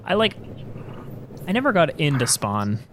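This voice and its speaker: A man's voice: on the high side, wildly swooping pitch, unhurried, background noise. A man co-hosting a podcast, giving earnest opinions in casual chat. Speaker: podcast co-host.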